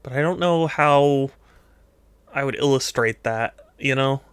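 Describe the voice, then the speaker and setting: A man with a smooth, clear voice chats loosely on a live stream as he works through drawing requests. He rambles, laughs easily, and drifts off mid-thought, recorded close and dry with no room sound. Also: medium pitch, a little slow, fairly bright tone, no echo. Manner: rambling, chatty, laughs often, trails off in thought. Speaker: streamer taking art requests. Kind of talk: casual live-stream chat while drawing.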